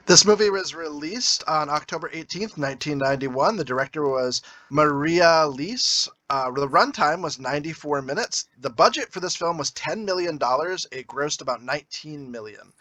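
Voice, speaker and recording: A man with a high, bright voice, reading movie facts in a plain, matter-of-fact way, with lively rises and falls. The sound is close and dry. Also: moderate pace, few pauses, dry recording. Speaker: podcast co-host. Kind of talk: casual movie review chat.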